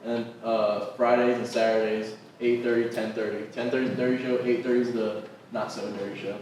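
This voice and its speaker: A man's voice: mid-range voice, a little fast. A man, a comedian and podcast co-host, telling rambling stories and swearing constantly. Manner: swears constantly, animated anecdotes. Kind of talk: profane casual storytelling. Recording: echoey room, distant mic, noisy.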